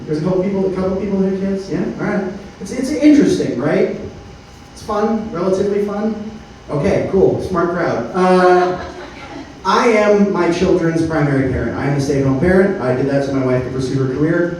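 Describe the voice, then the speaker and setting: A man in his thirties performing a stand-up comedy set on a club stage, deadpan, with frequent filler words. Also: on the high side, a little hiss or hum. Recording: roomy club sound from a distance. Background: faint room ambience.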